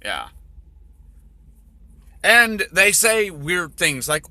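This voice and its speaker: A man's voice: medium pitch, very animated, a little slow, pushed and bright, no echo. A man reading his own story aloud, with rambling, profane, offhand commentary between passages.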